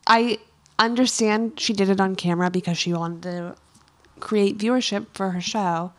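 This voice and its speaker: A woman's voice: medium pitch, steady tone, moderate pace. A woman co-hosting a casual podcast, gossiping animatedly about a reality show and quoting the people in it. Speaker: podcast co-host. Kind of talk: casual reality TV recap chat.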